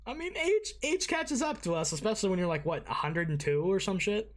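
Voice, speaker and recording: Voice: mid-range voice, lively intonation, a little fast. An anime reaction host giving casual, rambling commentary, swearing freely and full of fillers and restarts.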